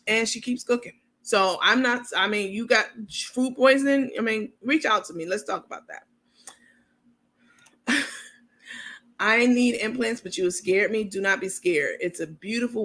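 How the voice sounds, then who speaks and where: Speaking in a mid-range, fairly bright voice, this woman runs a commentary channel in a loose, livestream-like format. She has a New York accent and a university degree, and she reads out viewer comments as her talk wanders chattily along.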